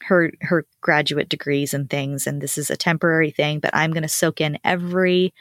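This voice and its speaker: A woman with a low, deep-set voice talks in an easygoing, earnest way, stumbling and restarting as she goes. The sound is close and dry, with no room around it. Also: little pitch movement, moderate pace, fairly bright tone, no echo. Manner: chatty, earnest, many restarts and self-corrections. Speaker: podcast co-host, parent. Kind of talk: casual chat.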